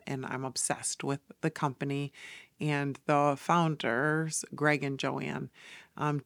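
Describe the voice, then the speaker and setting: A woman hosting a podcast, telling a story in a casual, animated way and slipping into soft whispered asides. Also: sits low, no room sound. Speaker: podcast host and salon owner.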